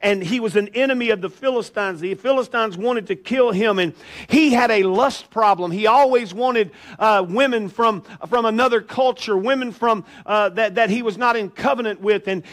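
A male pastor, preaching a sermon in church with animated storytelling and jokes for the congregation. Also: high voice, normal speed. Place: church sanctuary.

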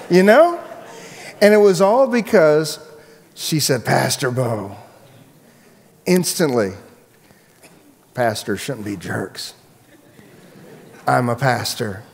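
A man, the pastor, preaching a sermon and telling a personal story in a relaxed, chatty way with frequent restarts. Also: mid-range voice, long reverb tail. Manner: casual storytelling, many restarts.

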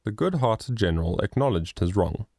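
An audiobook narrator with a lowish voice reads a moral children's story in a measured, expressive way. The sound is clean studio audio with no room sound.

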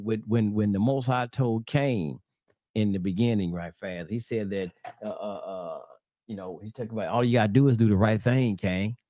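Low-voiced guy preaching casual and blunt, swears a lot, dry sound with no room echo. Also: mellow. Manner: blunt and profane, slangy, drawls scripture slowly. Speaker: Torah teacher.

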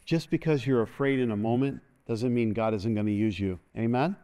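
A man's voice: mid-range voice, fairly quick, mellow, smooth. An older man preaching a sermon as pastor, folksy and joking, leading the congregation in call-and-response.

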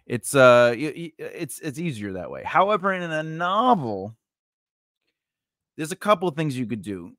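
A man's voice: a little high, sing-song, moderate pace, fairly bright tone, no room sound, clean studio sound. A man teaching writing in a casual lesson, rambling through tangents with many fillers and restarts. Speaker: writing podcast host.

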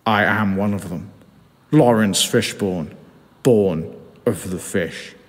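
A man's voice: low-pitched, slow, big-room sound. A man voicing a solemn young man who confesses he was born of the fish, in a story reading.

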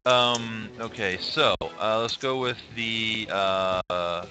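Low-voiced man running a tabletop game. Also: fairly even intonation, slow, pushed and bright, soft background music. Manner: hesitant, lots of ums and restarts. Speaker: game master.

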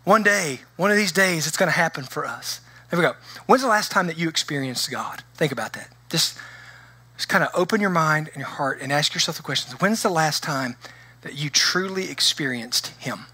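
A man pastor preaching a conversational, animated sermon in a church, with frequent restarts. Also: a little high, moderate pace, slightly rough, no echo. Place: church sanctuary.

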